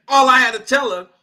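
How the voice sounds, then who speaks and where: An American man from Cincinnati hosting a radio drive-time show, telling a story in an animated, slangy way. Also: very high voice. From Cincinnati, Ohio, USA. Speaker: radio host. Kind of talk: casual on-air storytelling. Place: radio studio.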